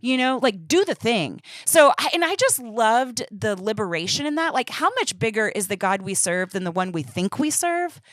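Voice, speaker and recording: A woman's voice: a little high, sing-song, normal speed, hardly any pauses, fairly bright tone, no echo, studio quality. A woman in her thirties co-hosting a podcast, chatting casually and animatedly with many fillers. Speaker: podcast co-host. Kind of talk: casual faith chat.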